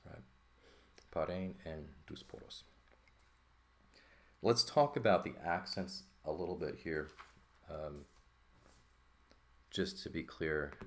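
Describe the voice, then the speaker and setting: A man teaching a textbook lesson in a loose, thinking-aloud way, full of fillers and "right?" checks. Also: a bass voice. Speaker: Greek teacher. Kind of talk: informal lesson walkthrough.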